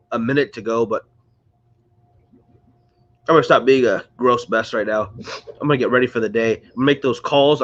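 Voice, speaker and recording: Here a man of medium pitch and somewhat bright tone rambles on a casual livestream, greeting viewers and sounding sick and congested. The sound is muffled, captured close to a phone or screen.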